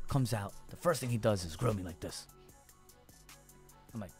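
A man in his thirties, a rapper guest, telling a long story in a lively, profane way and acting out the people in it. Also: fairly low pitch, fast talker, soft background music. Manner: animated, profane, acts out voices in his story. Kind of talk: casual storytelling.

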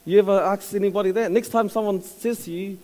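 A man in his thirties with a New Zealand accent, telling a story in a casual, halting sermon with fillers and laughs. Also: high voice, fairly even intonation, warm tone, poor audio. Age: 30s. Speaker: church speaker.

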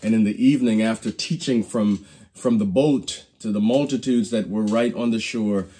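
Dark, husky-voiced male Bible teacher. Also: fairly low pitch, normal speed. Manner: preacherly storytelling, acts out quoted lines; repeats and restarts phrases. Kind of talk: Bible study lesson.

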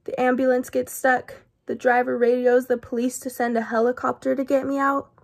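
A woman voicing an anxious, fretful male walrus in a children's storybook, talking slowly and rambling through all his worries. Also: sits high, level tone, gravelly. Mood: worried. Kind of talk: children's storybook read-aloud.

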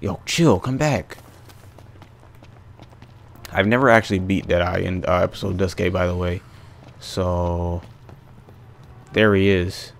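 A man's voice: deep voice, fairly even intonation, slow, vocal fry, pauses often. A man giving casual let's-play commentary, exasperated and ranting to himself as he plays. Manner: casual slangy talk. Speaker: gaming channel host.

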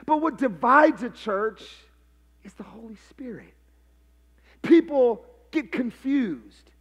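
A pastor preaching a live sermon, calling on his congregation to answer back and building to shouted, sing-song passion. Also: sits high, husky. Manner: call-and-response preaching, prompting the congregation.

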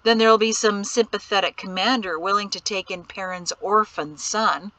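A woman's voice: medium pitch, fairly even intonation, normal speed, sharp tone, dry recording, lightly acted, poor audio. A woman voicing a headstrong young adult son who argues back in a raised, insistent voice. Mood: defiant.

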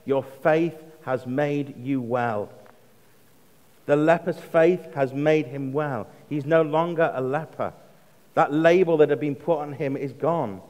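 English man preaching in a reverberant church. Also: a little high. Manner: measured, slows for emphasis, drops to a hush on quotes. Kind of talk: sermon. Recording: long reverb of a church hall.

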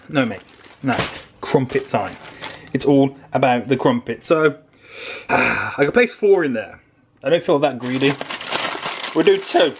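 A man's voice: on the high side, slight background noise. A man vlogging a playful cooking demo in his home kitchen, filming on a handheld phone and narrating each step with jokes. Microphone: handheld phone camera.

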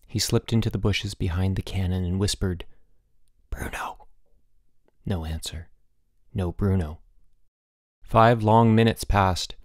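Gravelly low male audiobook narrator. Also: no echo, clean studio sound. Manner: steady storytelling with voiced dialogue. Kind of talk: scripted narration.

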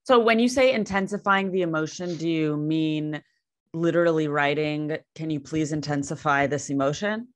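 Low-voiced woman interview host. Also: normal speed, dry recording. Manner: short affirmations, curious follow-up questions. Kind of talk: casual interview questions.

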